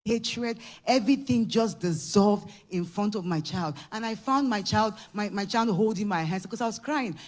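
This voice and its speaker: A middle-aged woman with a Ugandan accent shares a church testimony. She tells it quietly at times, then rises to loud, shouted praise. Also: mid-range voice. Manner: emotional, building from hushed telling to shouted praise.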